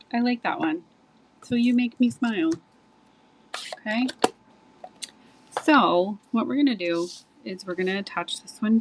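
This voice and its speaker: A woman's voice: medium pitch, gravelly, slight background noise, rough recording. A woman showing viewers how to make a greeting card, chatting enthusiastically while she works with her hands. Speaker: card-making demonstrator. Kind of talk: casual craft tutorial.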